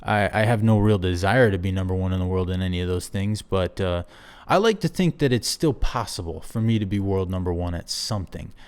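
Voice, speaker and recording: A man's voice: low voice, a little fast, a little mellow, smooth. A man hosting his own show, musing aloud in a rambling, self-deprecating solo monologue. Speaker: show host.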